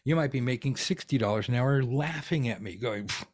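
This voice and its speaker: A man's voice: medium pitch, fairly quick, a little mellow. A man teaching tarot readers how to earn money, talking in a blunt, ranty, profane way. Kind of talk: ranty casual coaching monologue.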